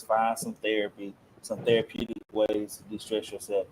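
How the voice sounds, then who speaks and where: A man hosting a casual Christian talk show, with relaxed, preacher-like phrasing. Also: on the low side, normal speed, few pauses, background noise. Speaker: podcast host.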